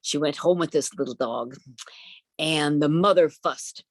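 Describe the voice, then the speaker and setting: A woman storyteller telling a folk tale in a gentle, folksy way over a video call. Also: deep voice, measured pace, dry recording. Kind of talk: oral storytelling.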